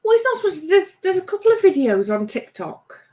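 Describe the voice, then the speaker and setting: A woman's voice: extremely high pitch, big pitch swings, a little fast, a little mellow. A woman co-hosting a casual livestream, chatting and reading out viewer comments with a teasing manner. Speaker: livestream co-host reading chat. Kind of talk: casual chat.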